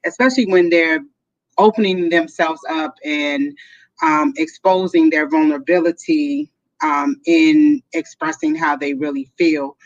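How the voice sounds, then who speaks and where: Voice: mid-range voice, unhurried, dry recording, highs cut off. A co-host on a marriage advice show, explaining steadily with many "um"s and "you know"s.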